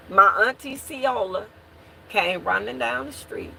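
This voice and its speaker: A woman recounts her own story to viewers, slow and deliberate, with a bright, tense tone and a gravelly fry at the ends of phrases. She circles back and repeats words as she talks to her listeners. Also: a little high, a little hiss or hum. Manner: repeats and restarts while reliving events, calls to listeners. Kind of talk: emotional personal testimony.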